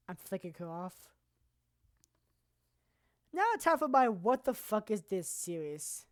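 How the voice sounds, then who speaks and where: A woman streamer presenting anime awards in casual, rambling, profane commentary that now and then bursts into loud shouting. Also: medium pitch, sing-song, slow pace, pauses often, no echo, studio quality.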